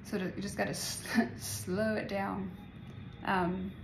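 A woman in her forties chats to her followers in a loose, wandering way and laughs often. Her voice has a gravelly, fry-heavy texture. The sound is roomy and echoey, with faint ambience behind her. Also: medium pitch, level tone, slow pace, background noise. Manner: chatty, rambling, laughs often. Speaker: spiritual vlogger. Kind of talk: casual spiritual talk to viewers.

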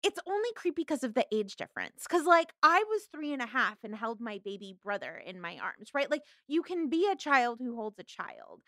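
A woman guest on a podcast, talking in an enthusiastic, animated casual chat and thinking out loud. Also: on the high side, moderate pace, hardly any pauses, no room sound, clean studio sound.

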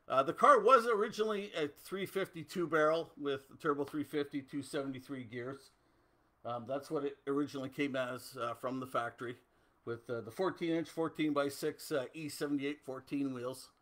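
A man's voice: medium pitch, moderate pace, bright, forceful tone. A middle-aged man from Canada hosting a casual livestream, chatting loosely and answering viewer comments. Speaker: host.

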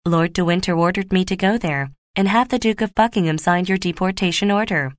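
A woman's voice: lowish voice, brisk, no room sound, studio quality, lightly acted. A woman reading the lines of an earnest, devoted young male guard.

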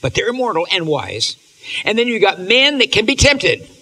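A man giving an animated, emotional lecture on stories, reading passages aloud and often restarting his sentences. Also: high-pitched, moderate pace. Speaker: speaker on literature and faith.

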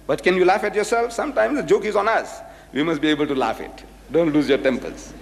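A man's voice: fairly high pitch, fast, gravelly, slight background noise. A man giving a public lecture, telling anecdotes and acting out the quoted dialogue with animation. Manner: animated storyteller who acts out quoted dialogue. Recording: echoey hall reverb.

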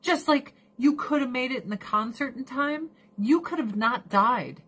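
A woman's voice: on the high side, moderate pace, a bit bright, husky. A woman in her forties ranting casually, profane and exasperated, laughing often. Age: 40s. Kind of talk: casual rant.

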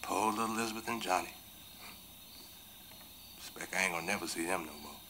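An actor playing a tender, remorseful runaway man on a raft, speaking in a rural Southern US dialect and telling his story slowly and from the heart, often sinking into hushed whispers. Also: low voice, a little hiss or hum. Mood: wistful. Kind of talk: 1980s TV film drama acting.

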